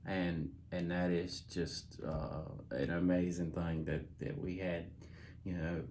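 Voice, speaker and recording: A man speaks slowly in a casual sit-down, pausing between phrases. His voice is very deep, and the tone is thankful. Faint noise sits behind him. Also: little pitch movement, darkish tone. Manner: slow, halting, thankful. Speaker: husband, the patient.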